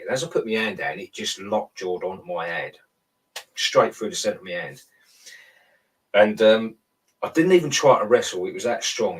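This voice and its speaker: A man's voice: fairly low pitch, distant mic, low-quality recording. A man telling a long dream story in casual chat. He rambles, restarts often and acts out quoted lines. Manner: rambling storyteller, self-interrupting.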